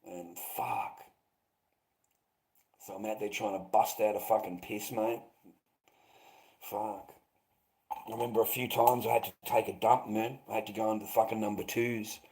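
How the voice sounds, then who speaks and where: A man's voice: lowish voice, steady tone, moderate pace, long pauses, darkish tone, poor audio. Man rambling and swearing on stream. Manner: rambling, heavy swearing, addresses viewers as mate. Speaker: livestreamer. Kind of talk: casual livestream chat.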